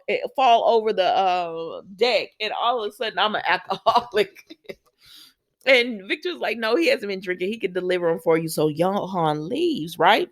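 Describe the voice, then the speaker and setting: A woman recapping a soap opera episode in a casual, chatty way, often saying "um" and "you know" and bouncing her voice up high for the characters' lines. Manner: chatty retelling, acts out quotes with big pitch jumps; says "um" and "you know" a lot. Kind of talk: casual chat.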